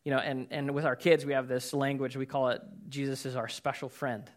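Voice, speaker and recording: A man's voice: medium pitch, flat delivery, fairly quick. A man preaching a casual, conversational sermon, telling personal stories in an earnest way with many fillers and repeated words. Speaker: pastor.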